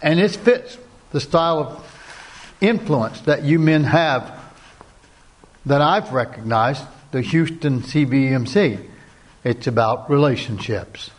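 A man's voice: medium pitch, animated, takes it slowly, pauses often. A man giving an earnest, sermon-like talk to a Christian men's group, repeating key phrases and asking direct questions. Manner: asks the audience direct questions. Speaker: Christian men's ministry speaker.

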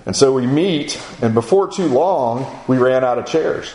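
A middle-aged man preaching in a conversational way, acting out his son's and others' lines in a higher voice. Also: animated, a little slow, warm tone, roomy sound, a little hiss or hum, low-quality recording. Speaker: speaker at a men's gathering. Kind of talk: sermon-style storytelling.

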